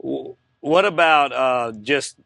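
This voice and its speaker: A man's voice: mid-range voice, slow pace, gravelly, sharp tone, no room sound. Enthusiastic man hosting an interview. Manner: enthusiastic, laughs easily. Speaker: interview host. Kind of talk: casual interview.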